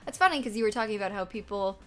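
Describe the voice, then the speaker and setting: A young woman streaming a game, chatting casually and rambling with fillers and self-corrections, often breaking into loud excited outcries. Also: mid-range voice, very fast, soft background music.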